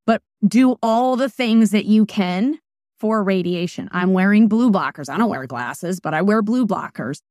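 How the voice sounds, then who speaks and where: Animated woman with a dry, close sound. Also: medium pitch, unhurried, no echo. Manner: emphatic and animated, jumping between asides. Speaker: guest, wellness practitioner. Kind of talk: casual interview talk.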